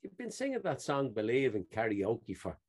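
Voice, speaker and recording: A man's voice: mid-range voice, wildly swooping pitch, moderate pace, a little hiss or hum. A man co-hosting a podcast, chatting casually and telling stories with frequent laughs. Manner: chatty storyteller who laughs often. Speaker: podcast co-host. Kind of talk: casual chat.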